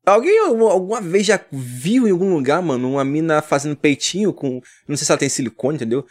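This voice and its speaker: A man's voice: on the high side, expressive. A man with a Brazilian Portuguese accent, hosting a reaction video with slangy, teasing commentary. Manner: slangy, teasing, quick remarks.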